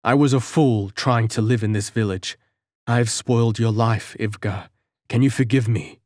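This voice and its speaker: A man's voice: mid-range voice, normal speed, a little mellow, no room sound, studio quality, natural voice. A man voicing a crippled former soldier father who talks in a grim, gritted mutter, in a storybook reading. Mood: remorseful.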